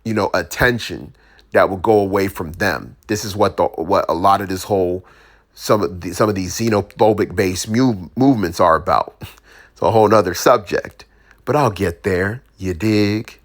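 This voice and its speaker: A man's voice: low-pitched, normal speed. A man giving his opinions in a casual, slangy monologue, full of restarts and asides to the listener. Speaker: commentator.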